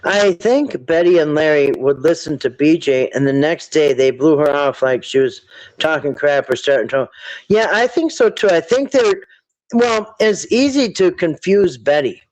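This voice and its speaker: A man's voice: on the high side, lively intonation, normal speed, darkish tone, poor audio. A man hosting a casual livestream, rambling and thinking aloud as he answers viewer chat. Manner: rambling, thinks aloud, quotes people in put-on voices.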